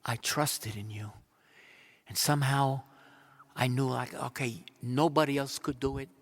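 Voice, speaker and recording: A man acting out a humbled woman quietly confessing that she touched a healer, in a soft, earnest, halting way. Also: mid-range voice, lightly acted.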